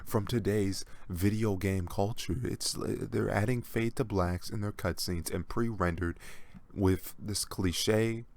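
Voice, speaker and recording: A man's voice: on the low side, steady tone, takes it slowly, creaky, darkish tone. A man hosting a gaming channel, delivering a sarcastic reaction rant in a mocking, exasperated way and often repeating himself.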